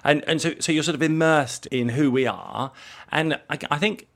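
A middle-aged man from England, an interview guest who talks in a relaxed, rambling way, repeating words as he thinks aloud. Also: on the high side, moderate pace, creaky. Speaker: interview guest, jewellery designer. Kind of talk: relaxed conversational storytelling.

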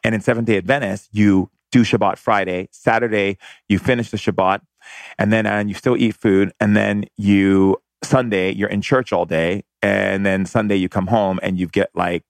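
A man telling a personal childhood story as a monologue, animated and laughing as he recalls it. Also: lowish voice, normal speed, creaky, no room sound, studio quality.

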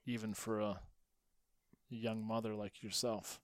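A man's voice: fairly low pitch, little pitch movement, measured pace. A man hosting a podcast, chatting casually and joking playfully with his guest on a close microphone. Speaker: podcast host. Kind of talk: casual chat.

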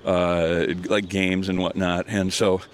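Walking an outdoor hillside, this older guest storyteller spins a rambling, casual tale packed with restarts and fillers, and he laughs a lot. He speaks slowly in a low voice with little pitch movement, over slight background noise.

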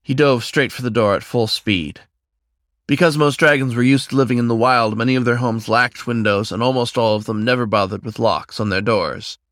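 A man reading a fantasy story aloud as its narrator in a steady storyteller's manner. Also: medium pitch, moderate pace, no echo, clean studio sound. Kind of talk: scripted narration.

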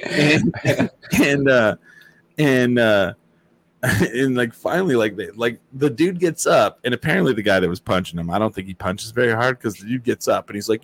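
A man hosting a casual chat. He tells stories in a lively, profane way and acts out what people said. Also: medium pitch, moderate pace. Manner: animated, profane storytelling with acted-out quotes. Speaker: host.

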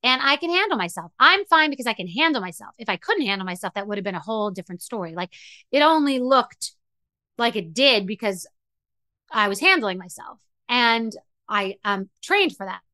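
A middle-aged woman hosts a podcast in a candid, emotional monologue, rambling and restarting as she goes. Her voice is bright and forceful, sitting slightly high. The recording is dry and close. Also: big pitch swings, a little fast, no echo. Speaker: podcast host.

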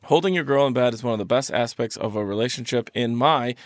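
A man co-hosting a casual podcast, reading a letter aloud and breaking in with goofy jokes. His voice sits mid-pitch and sounds dry, with no room echo. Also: quick pace. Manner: joking, reads aloud with goofy asides. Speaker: podcast co-host.

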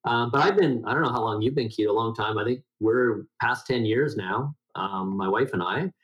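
A man's voice: moderate pace, a bit bright, muffled recording. Middle-aged man, nasal voice, interview guest, rambling and full of fillers. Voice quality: self-described high nasal voice. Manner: rambling, many restarts and fillers. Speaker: guest health educator. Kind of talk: conversational interview.

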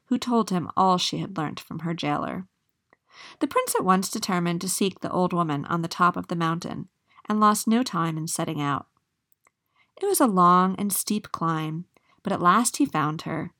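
A woman reading a fairy tale aloud in a steady, measured way. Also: lowish voice. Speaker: storyteller.

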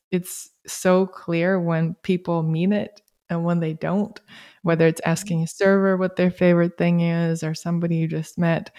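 A woman hosting a casual conversation, talking in a reflective, spiritual, unhurried way. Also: fairly low pitch, a little mellow.

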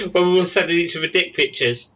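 A man's voice: high voice, pushed and bright, low-quality recording. A man hosting a casual podcast over a voice call, telling stories animatedly and laughing often. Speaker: podcast host. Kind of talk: casual chat. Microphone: Skype call.

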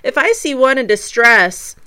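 Bright, clear-voiced woman host. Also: high-pitched, very animated, a little slow. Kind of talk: casual chat.

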